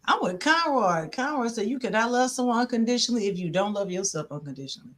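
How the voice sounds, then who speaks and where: A woman relationship coach talking casually on a podcast, animated, laughing often and pausing on "um". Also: fairly high pitch.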